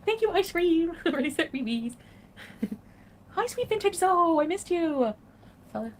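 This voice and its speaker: A woman's voice: very high voice, sing-song, a little slow, a little hiss or hum. A woman chatting casually on a livestream, reading and answering viewer comments with frequent laughs. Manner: chatty, laughs between greetings. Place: home in Kuwait.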